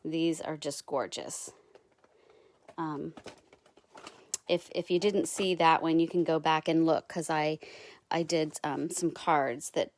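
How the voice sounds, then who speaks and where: A woman showing craft supplies in a casual vlog, gushing and halting with many ums. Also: sits low, darkish tone, slight background noise. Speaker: craft vlogger. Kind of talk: casual product show-and-tell.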